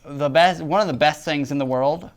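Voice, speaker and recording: A young man co-hosting a casual student cooking show, making joking, deadpan asides. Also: a little high, moderate pace. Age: young adult.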